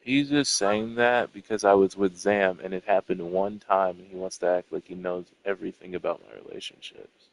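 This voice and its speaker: A man's voice: sits low, vocal fry, no room sound, rough recording. A young man in a casual, rambling rant, profane and irritated as he tells what happened between him and his friends. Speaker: storyteller venting to a friend.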